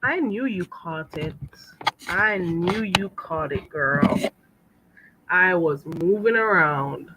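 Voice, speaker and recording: Against a noisy background, a Jamaican woman runs a live stream, reading comments and chatting casually with her viewers. Her voice is on the low side with lively intonation, she speaks slowly, and she laughs often while calling them "girl."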